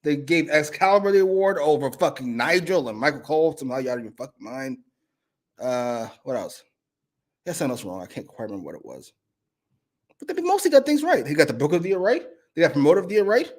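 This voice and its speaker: A man's voice: a little high, sing-song, fast talker. A man co-hosting a casual wrestling review show, blunt and sarcastic, swearing often. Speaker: co-host.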